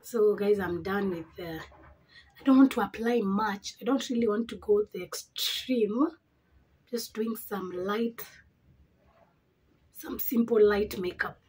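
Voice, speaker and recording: A young woman from Africa, a beauty vlogger chatting through an animated storytime while doing her makeup. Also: mid-range voice, slow pace, long pauses, breathy edge. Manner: animated storytelling with dramatic reactions.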